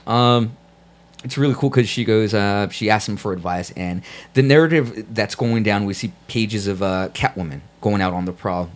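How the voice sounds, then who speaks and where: Male podcast host, lowish voice, casual and profane comic book chat. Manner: laid-back, swears a lot, says dude.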